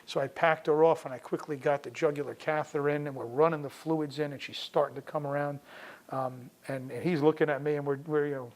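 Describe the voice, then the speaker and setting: A middle-aged veterinarian from the New York area tells a personal story in a relaxed, conversational way. He acts out the lines of the people in it as he goes. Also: fairly high pitch, a little fast, low-quality recording. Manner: conversational, acts out quoted dialogue in the telling.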